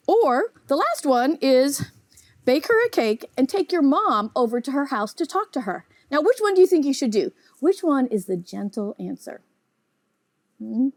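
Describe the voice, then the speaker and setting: Woman teaching a kids bible class, bouncy animated voice, dry close sound. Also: high voice, normal speed, no room sound. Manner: animated, asks kids frequent questions. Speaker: children's ministry teacher. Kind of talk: teaching a children's Bible lesson.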